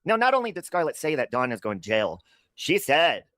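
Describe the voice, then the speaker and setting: Male stream host, gossipy and profane, lively pitch, dry close sound. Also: a little fast, dry recording. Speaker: livestream host. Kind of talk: casual livestream chat.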